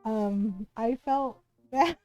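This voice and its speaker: A woman streamer with a slightly high voice chats casually over a game session, rambling and giggling between thoughts. Her voice is close and dry, with faint music playing underneath. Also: extremely slow, dark tone, no echo. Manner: chatty, giggly, rambling with many fillers. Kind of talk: casual gameplay chat.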